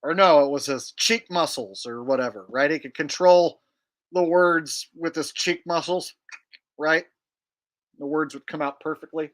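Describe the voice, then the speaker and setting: A man's voice: fairly high pitch, measured pace. A man hosting a livestream in casual chat, crude and rambling as he jokes around. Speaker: livestream host.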